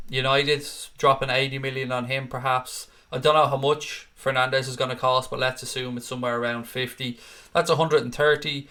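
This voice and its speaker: A man's voice: mid-range voice, fairly bright tone. A man, chatting casually as host of a live stream and reading out viewer comments. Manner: chatty, casual, swears freely.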